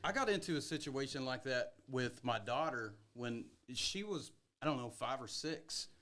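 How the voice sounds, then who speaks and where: A middle-aged man tells outdoor stories on a relaxed podcast. He is plain-spoken and self-deprecating, and he laughs at his own misadventures. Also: mid-range voice, moderate pace. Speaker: podcast co-host. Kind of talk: casual storytelling chat.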